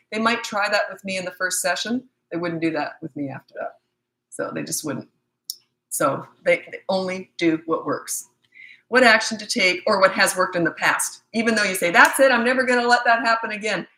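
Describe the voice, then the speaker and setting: A woman's voice: on the low side, sharp tone, low-quality recording. A middle-aged woman from Canada, a parenting coach, answering viewer questions in a casual, blunt, matter-of-fact livestream chat.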